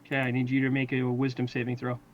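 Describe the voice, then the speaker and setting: A man running a tabletop game as game master, calling results in a brisk, matter-of-fact way. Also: medium pitch, completely flat delivery, muffled recording.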